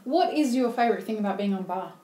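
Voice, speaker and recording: A woman's voice: medium pitch, animated, fast talker, mellow. A woman hosting a podcast, playful and chatty, with casual slang. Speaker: podcast host. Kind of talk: casual chat. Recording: echoey room.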